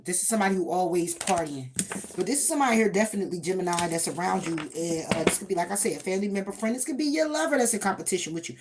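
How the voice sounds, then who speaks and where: A woman's voice: fairly low pitch, animated, racing, noisy background. A woman giving a casual tarot reading, sassy and emphatic, often repeating her points. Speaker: tarot reader.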